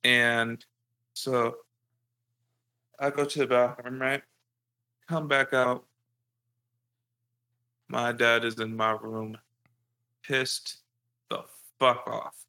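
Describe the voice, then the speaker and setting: A man in casual chat, telling a childhood story in a lively, profane way. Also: medium pitch, very slow, pauses often. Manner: animated profane storytelling with laughs.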